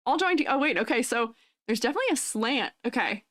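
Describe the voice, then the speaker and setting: A young adult woman VTuber streamer with a high, youthful-sounding voice, chatting with viewers in a bubbly, giggly way. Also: lively intonation, normal speed, long pauses, fairly bright tone, dry recording, clean studio sound. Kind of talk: casual live-stream chat.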